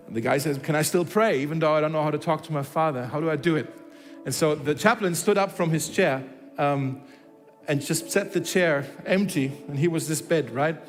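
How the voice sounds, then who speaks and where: In a church hall, a pastor preaches a sermon, telling a story, acting out its dialogue, and restarting often. His voice is on the high side and a little fast, with a big-room sound and faint music behind him.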